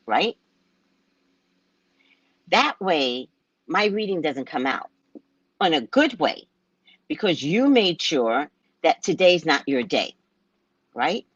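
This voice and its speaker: Lively West Indian woman telling stories. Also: husky, no room sound, muffled recording. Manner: animated, acts out clients in loud high voices. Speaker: psychic, show host. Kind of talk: casual storytelling monologue.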